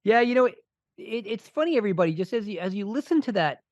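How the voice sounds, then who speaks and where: A middle-aged man co-hosting a podcast, telling a personal story with animated enthusiasm. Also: sits high, fast talker, no room sound. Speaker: podcast co-host. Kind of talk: casual chat and storytelling. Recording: dull, dry lo-fi sound.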